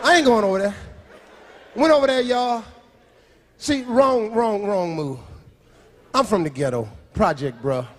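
A man doing a stand-up comedy routine, telling a story loudly and shouting punchlines on a live stage. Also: sits high, expressive, unhurried, pauses often. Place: large theater with live audience. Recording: live stage recording with audience laughter and noise.

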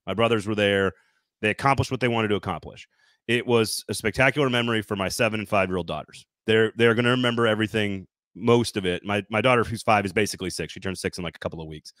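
Middle-aged dude w a light southern accent telling stories on a sports pod, bit of cursing, really dry mic, no room at all. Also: male voice, on the low side, quick pace, no room sound. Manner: animated, swearing, jokey storytelling. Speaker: sports podcast host. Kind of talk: casual chat.

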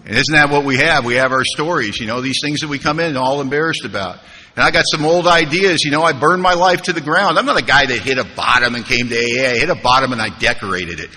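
Male speaker, wry storyteller at a podium, lively asides to the crowd; large hall reverb with faint noise. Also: medium pitch, fast talker. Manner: humorous, conversational, asks the room rhetorical questions. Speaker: recovery meeting speaker. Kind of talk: storytelling talk at a recovery convention.

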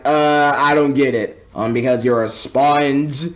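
A man's voice: a little high, measured pace, few pauses. A man casually recapping and reviewing a movie, rambling with stumbling restarts and mocking asides. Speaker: film reviewer.

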